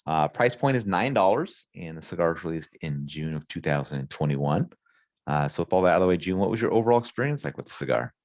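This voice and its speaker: Deep lively guy hosting a podcast in a studio, lots of uhs, dry sound. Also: fast, dry recording. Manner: reads product specs with many "uh" fillers. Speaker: podcast host. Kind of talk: casual podcast chat.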